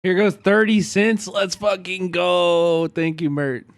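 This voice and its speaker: A man with a Kansas City accent, commenting casually and profanely on a video during a live stream, given to excitable bursts of mock outrage. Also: high voice, takes it slowly, noisy background. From Kansas City, USA.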